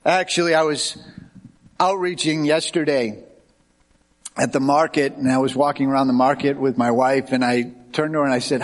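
A man's voice: mid-range voice, normal speed. Middle-aged american guy preaching a sermon, pastor telling stories, acts out the dialogue. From United States. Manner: animated anecdotes with quoted dialogue. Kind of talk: sermon with storytelling.

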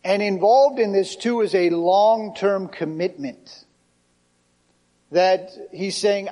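A male pastor preaches a sermon that is conversational but emphatic, slow and mellow. His voice sits slightly higher than most men's, and he hammers home his points with plain, direct phrasing.

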